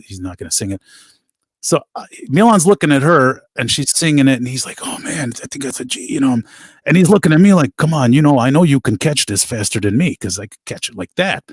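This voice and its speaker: Animated man telling band stories. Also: mid-range voice, quick pace, husky, no room sound, clean studio sound. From United States. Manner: animated anecdotes with laughs and quoted voices. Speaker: band musician, guest. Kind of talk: casual storytelling interview.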